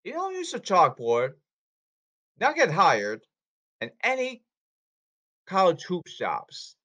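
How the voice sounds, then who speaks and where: Man, rambling repetitive orders, pitch jumping all over, loud then quiet. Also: wildly swooping pitch, slow pace. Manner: repetitive, issuing commands and calls. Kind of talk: rambling monologue.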